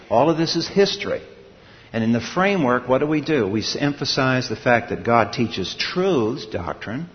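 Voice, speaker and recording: A man's voice: medium pitch, lively intonation, moderate pace. A man delivers a sermon in an emphatic teaching manner, pressing his listeners with rhetorical questions. The recording is dull and lo-fi. His voice trails off into a long reverb, as in a large hall. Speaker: preacher.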